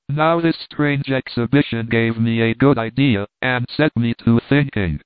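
A man reading a first-person story aloud in a wry, lively storytelling manner. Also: mid-range voice, smooth, no echo. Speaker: audiobook reader. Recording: dry phone-like sound.

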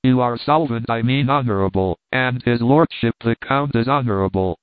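A man's voice: mid-range voice, moderate pace, clear, resonant tone, no echo, natural voice. A man voicing a whining, pleading old miserly merchant in a story reading. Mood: wheedling. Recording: dry tinny phone-like sound.

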